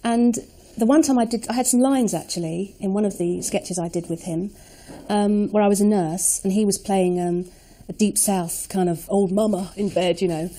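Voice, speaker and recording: A woman's voice: medium pitch, steady tone, moderate pace, hardly any pauses, warm tone. A middle-aged woman chattily telling anecdotes in an interview. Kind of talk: reminiscing interview.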